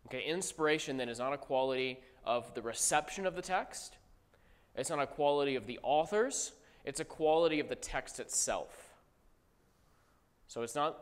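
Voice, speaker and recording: A man's voice: medium pitch, fairly bright tone, clear, resonant tone, in a large hall. A man teaching a theology class in a conversational way, repeating key points and asking the room questions. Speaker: Bible teacher.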